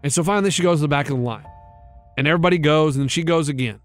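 Over soft background music, a thirty-something radio co-host rattles off a rambling tale at rapid-fire speed, his voice on the high side. He gets animated and performs the quoted lines in character, keeping things casual and story-driven.

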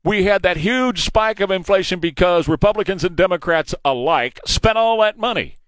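A man's voice: sits high, expressive, normal speed, fairly bright tone, no room sound. A man with a Texan accent hosting an opinionated talk radio show, emphatic and hammering his points through repetition. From Texas. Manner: emphatic, repeats points for punch. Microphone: studio microphone.

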